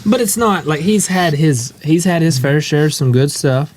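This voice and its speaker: A young man co-hosting a podcast in casual chat, animated and mocking others with quick jumps up in pitch. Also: a little hiss or hum. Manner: animated, mocks voices with big jumps in pitch. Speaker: podcast co-host.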